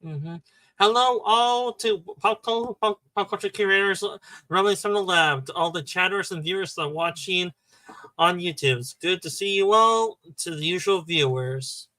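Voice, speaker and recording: Bright, stumbling man co-host. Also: high-pitched, normal speed, no room sound, poor audio. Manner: stumbling, restarts words often. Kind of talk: casual live-stream chat. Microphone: remote call on a streaming panel.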